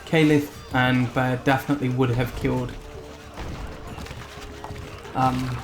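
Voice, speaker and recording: A man hosting a gaming channel, giving relaxed, chatty commentary on a computer strategy match. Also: medium pitch, slow pace. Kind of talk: casual game commentary. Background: game music.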